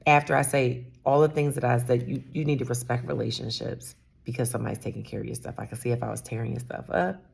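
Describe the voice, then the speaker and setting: A woman's voice: a bass voice, flat delivery, fast, creaky, few pauses, darkish tone, husky. A woman in her fifties, a salon owner, talking candidly and rambling a little in a personal vlog, sometimes dropping to a whisper. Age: 50s.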